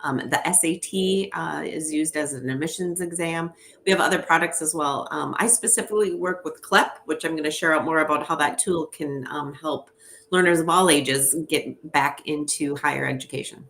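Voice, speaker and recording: A woman's voice: low voice, normal speed, fairly bright tone, a little hiss or hum. A woman with a Minnesota accent giving an upbeat, chatty presentation as a guest, with frequent ums. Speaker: guest presenter from an education nonprofit. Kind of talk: conversational presentation.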